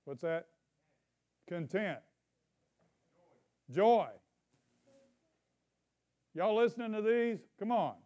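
Captured in dull audio, a pastor with a high, animated male voice gives a church sermon. He calls out questions to the congregation and reads scripture in a drawn-out, emphatic manner.

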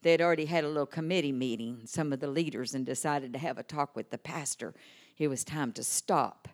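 An older woman delivers a revival sermon with fervor. She drops to a near hush, then lifts into ringing, exclamatory praise, sprinkling amens through her storytelling. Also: sits low, fairly quick. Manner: impassioned, swinging from hushed to exclaiming. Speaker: preacher.

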